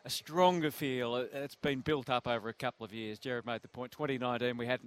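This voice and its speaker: A man hosting sports radio in a lively, chatty way. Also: medium pitch, fairly quick, clear, resonant tone. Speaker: radio host.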